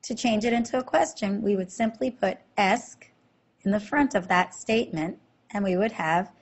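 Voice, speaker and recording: A woman talks through a slide-based language lesson in an airy, breathy voice. She explains each step patiently and keeps asking the listener short questions to check along. Her pitch sits in an everyday middle range. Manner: slow, clear explanations with quizzing questions. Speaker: French teacher.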